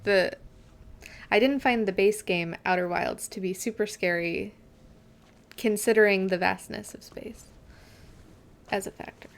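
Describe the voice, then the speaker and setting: Slow-talking young woman streamer, chatty. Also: mid-range voice. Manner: chatty, giggly, with many fillers. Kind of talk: casual gameplay chat with chat reading.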